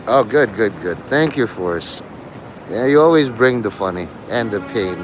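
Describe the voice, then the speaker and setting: A man's voice: on the low side, animated, normal speed, background noise. A man hosting a casual livestream, rambling, laughing often and swearing freely. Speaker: livestream host.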